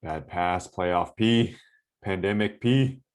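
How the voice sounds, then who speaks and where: A deep-voiced man speaks slowly as he casually breaks down basketball game footage. As a trainer, he keeps it animated, full of coaching asides and repeated "right?" checks to confirm the viewer is keeping up.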